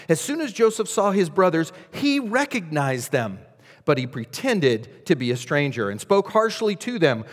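Pastor, male, higher voice, dynamic sermon delivery, long hall reverb.

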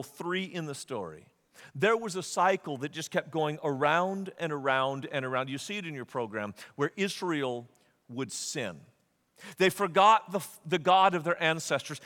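Man, pastor, animated sermon, high lively voice, long hall reverb. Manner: animated storytelling, acts out quotes.

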